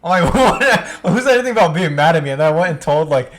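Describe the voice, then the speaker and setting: A young man in casual podcast chat, telling his own story in a relaxed way and laughing as he talks. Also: fairly high pitch, fast talker.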